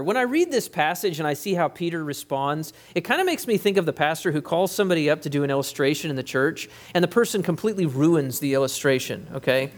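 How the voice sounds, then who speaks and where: A man with a slightly high-pitched voice delivers a sermon as pastor. He preaches emphatically, dropping in quick conversational asides to his listeners. He speaks into a headset mic. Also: expressive.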